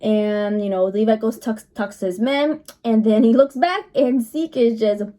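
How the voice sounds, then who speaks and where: A woman's voice: on the high side, a little slow, hardly any pauses, warm tone. A woman giving a casual, chatty episode recap, telling the story loosely with lots of fillers. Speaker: anime reviewer.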